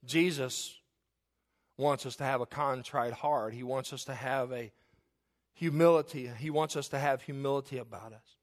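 A man's voice: medium pitch, fairly even intonation, normal speed. A middle-aged man preaching a sermon, who jokes about himself and acts out the voices of the people he quotes.

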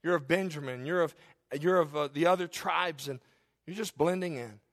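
A pastor with a high-pitched voice delivers a sermon, swinging from loud, emphatic peaks to soft, hushed passages. When reading scripture, he slows right down and draws the words out dramatically.

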